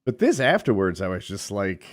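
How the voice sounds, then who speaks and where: Low-voiced man giving a critical take. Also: very animated, a little fast. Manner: critical, hesitant, many restarts. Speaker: podcast co-host. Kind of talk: casual movie review chat.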